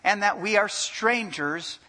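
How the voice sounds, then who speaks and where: High, bright-voiced preaching pastor. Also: male voice, slow pace. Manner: animated preaching with audience questions and humor. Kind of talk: sermon. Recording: long hall reverb.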